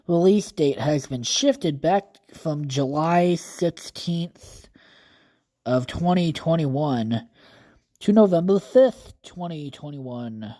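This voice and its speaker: Male solo podcaster, mellow tone, loose unscripted rambling with frequent cursing. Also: on the high side, slow pace. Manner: rambling, casually profane, thinks aloud with fillers. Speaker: podcast host. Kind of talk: casual solo podcast monologue.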